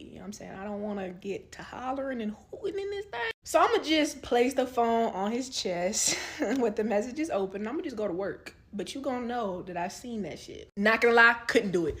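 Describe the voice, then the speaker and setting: Animated woman telling a storytime vlog. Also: fairly high pitch. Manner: animated, swings between loud outbursts and quiet asides; frequent swearing and laughter. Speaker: storytime vlogger. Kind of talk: casual storytime.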